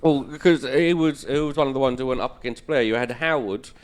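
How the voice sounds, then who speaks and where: A man's voice: medium pitch, a little fast. Ranting sweary man. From England. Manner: blunt, profane, ranting. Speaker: comedian and podcast host. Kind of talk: sweary political chat.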